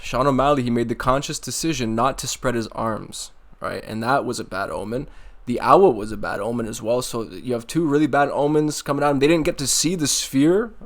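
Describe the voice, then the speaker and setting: A man's voice: medium pitch, a little fast. A man hosting a casual MMA commentary video, mocking and sarcastic, swearing freely.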